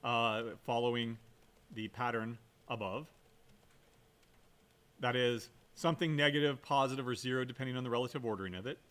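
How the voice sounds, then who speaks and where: A man lecturing on programming in a recording speaks at a normal speed with long pauses, in a medium-pitched, fairly bright voice. The computer science lecturer stays conversational and emphatic, asking "right?" often and using fillers and restarts while stressing key words.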